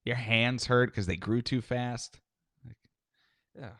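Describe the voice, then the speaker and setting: A man's voice: medium pitch, steady tone, slow, fairly bright tone, no room sound, clean studio sound. A young man co-hosting a crude comedy podcast, easygoing and rambling with lots of fillers. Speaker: podcast co-host.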